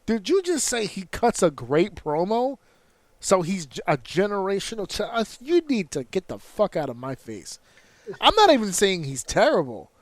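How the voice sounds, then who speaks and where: A man's voice: sits high, dry recording. A man hosting a podcast, telling stories in a casual, profane way with mock outrage. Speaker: podcast host. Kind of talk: casual wrestling chat.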